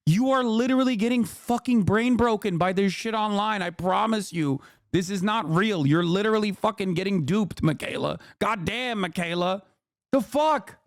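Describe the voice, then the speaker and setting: Male streamer with a high voice, profane and exasperated, ranting while reacting live. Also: dry recording, studio quality. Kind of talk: livestream reaction rant.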